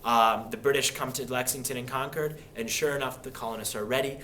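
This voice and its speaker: A young man teaching history in a casual, animated way, acting out quoted people with sudden voice changes. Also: medium pitch, fairly quick, slight background noise. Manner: animated, acts out quoted speakers. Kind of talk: classroom history lecture.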